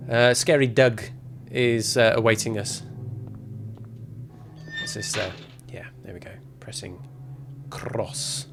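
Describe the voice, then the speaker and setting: A man's voice: lowish voice, unhurried, soft background music. A man giving casual, rambling gameplay commentary as a streamer, with self-mocking asides. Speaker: game streamer.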